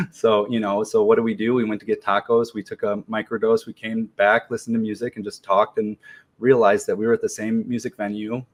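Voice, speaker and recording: Low, flat-voiced man telling a story. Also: fairly quick. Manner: relaxed, slangy, many ums and restarts. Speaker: podcast guest. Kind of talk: casual storytelling interview.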